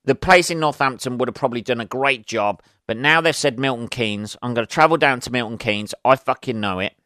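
A man's voice: mid-range voice, a little fast, sharp tone, no echo, studio quality. A man hosting a casual solo podcast, ranting with lots of swearing and exasperation. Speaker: podcast host.

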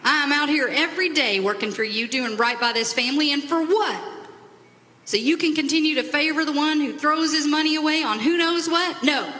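A woman's voice: high-pitched, voice pushed up. A woman voicing a furious, resentful elder son who complains indignantly. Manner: shouting, indignant, rapid complaints. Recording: long hall reverb.

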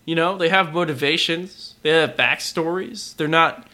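A podcast co-host in loose, casual conversation. His voice is a touch high and bright with an edge of force. He trips over his words and loops back through restarts and fillers. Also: moderate pace. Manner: stammering, many restarts and fillers. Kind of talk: casual chat.

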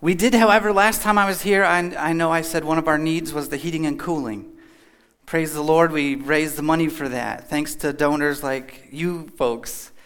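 A man from Kentucky speaks to a church crowd in a loose, chatty way, cracking jokes as he goes. His voice sits a little on the high side. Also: steady tone, normal speed, fairly bright tone, clear, resonant tone. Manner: chatty, joking, folksy. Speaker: guest speaker. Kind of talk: casual church talk with jokes. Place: church hall.

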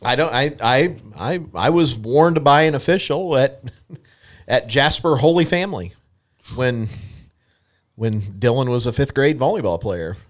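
Halting, restarting man telling a story. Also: mid-range voice, animated. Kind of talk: casual chat.

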